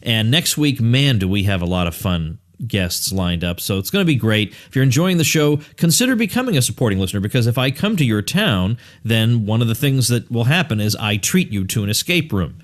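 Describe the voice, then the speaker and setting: Guy hosting a podcast, low smooth radio voice, chatty, laughs a lot. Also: sing-song, brisk, few pauses. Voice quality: radio-style voice. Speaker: podcast host. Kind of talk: casual interview chat.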